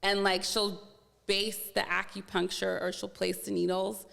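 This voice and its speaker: A woman's voice: mid-range voice, measured pace, creaky, big-room sound. A woman guest on a podcast, chatting candidly and acting out what others said to her, with lots of "like" fillers. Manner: animated, acts out quoted dialogue, many "like" fillers. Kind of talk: casual candid chat.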